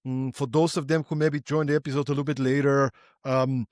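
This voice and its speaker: A man's voice: medium pitch, flat delivery, a little fast, darkish tone, no room sound, studio quality. A man hosting a podcast interview, friendly, building long questions with restarts. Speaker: podcast host.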